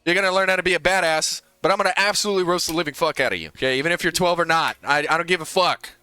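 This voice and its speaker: A young male game coach breaks down plays in a heated, profane way, with frequent restarts. His voice is bright and forceful, close on the mic in a dry room. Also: on the high side, very fast, clear, resonant tone, no echo, faint music behind. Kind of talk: casual gameplay breakdown.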